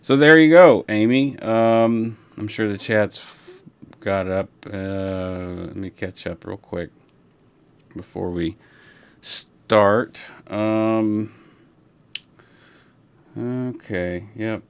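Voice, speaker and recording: Slow, relaxed man chatting on a livestream. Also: fairly low pitch, clear, resonant tone. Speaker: livestream host. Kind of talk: casual livestream chat. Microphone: broadcast console setup.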